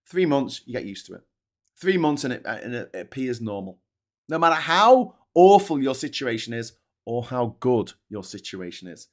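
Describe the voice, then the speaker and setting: A man hosting a morning live stream who rants with plenty of swearing. His speaking pitch is mid-range, and his delivery swings between heated bursts and low, bitter mutters as he answers viewer comments. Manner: ranting, sweary, animated. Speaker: host.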